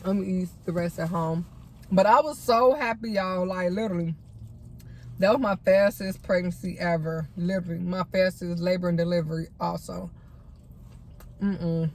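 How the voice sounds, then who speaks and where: A woman's voice: on the low side, moderate pace, a little hiss or hum. Chatty young woman telling a story. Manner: chatty, addresses viewers as y'all. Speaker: vlogger. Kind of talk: storytime mukbang chat.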